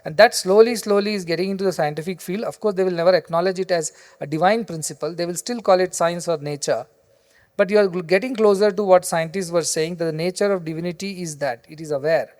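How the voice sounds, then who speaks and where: A man's voice: sits high, fast, a little mellow. A man, a spiritual teacher, giving a discourse that mixes explanation and storytelling in an explanatory, digressive way. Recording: long reverb in a large hall.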